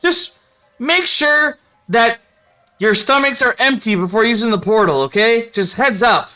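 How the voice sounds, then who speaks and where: A man voicing a shrunken male trickster figure in a squeaky, frantic, whiny voice. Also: animated, unhurried, sharp tone, soft background music, exaggerated voice. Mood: sulky.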